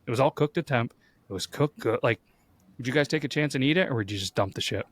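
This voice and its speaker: A married adult man hosting a podcast tells stories bluntly, profanely and casually in a relaxed chat. His medium-pitched voice is expressive and fast.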